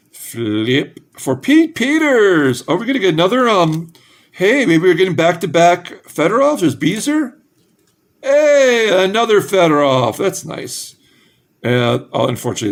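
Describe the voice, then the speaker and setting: A man casually narrating as he opens packs of trading cards, reading names one by one with offhand asides and bursts of excitement at good pulls. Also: fairly high pitch. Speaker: card collector opening packs. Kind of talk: casual pack-opening commentary.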